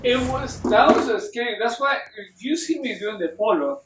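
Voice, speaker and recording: Animated man, high voice, roomy distant sound. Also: music in the background. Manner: animated, halting storytelling with many restarts. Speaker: co-host recounting a climb. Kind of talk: casual chat.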